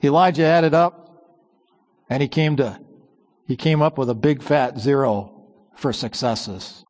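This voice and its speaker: A man preaching a sermon with strong emphasis, slowing on key words and dropping to a low hush at the ends of phrases. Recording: long church reverb.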